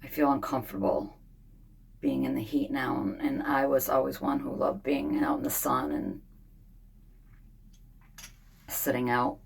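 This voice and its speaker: A woman in her fifties, unwell and frustrated, talking in a rambling, weary way with many pauses in a casual diary vlog from a home sauna. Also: rumbling low, steady tone, vocal fry, a little hiss or hum. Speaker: vlogger.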